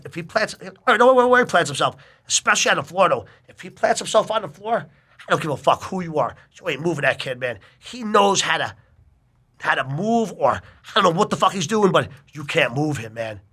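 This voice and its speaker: Animated, profane middle-aged man storyteller. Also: on the high side, brisk, husky. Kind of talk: casual chat.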